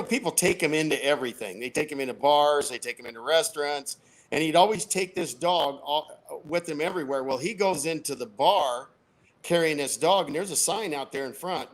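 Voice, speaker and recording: An older American man spins a long, rambling yarn as a radio guest, laughing at his own punchlines. His voice sits a bit high for a man. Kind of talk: casual storytelling.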